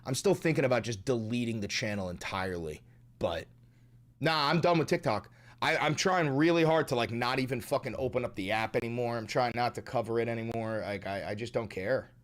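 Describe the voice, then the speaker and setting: A man's voice: mid-range voice, expressive, fairly quick. A man hosting a livestream, chatting loosely and profanely while reading viewer messages aloud. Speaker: livestream host. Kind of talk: casual stream chat.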